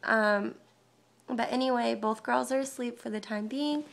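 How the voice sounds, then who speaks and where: A woman's voice: on the high side, measured pace, creaky. A young woman with a cold, sounding stuffy and congested, chatting casually through a vlog update with lots of ums and small laughs. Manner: rambling, frequent ums, soft laughs. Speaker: vlogger. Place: parents' house, indoors. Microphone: phone.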